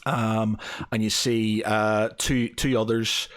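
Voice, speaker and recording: A man's voice: fairly low pitch, little pitch movement, slow pace. A man narrating as game master, full of fillers and restarts as he describes the scene. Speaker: dungeon master.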